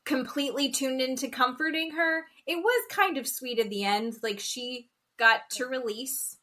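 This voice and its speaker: Woman, podcast co-host, high-pitched, animated storyteller, casual chat. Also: normal speed. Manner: animated storyteller who acts out quotes. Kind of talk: casual chat recapping reality TV.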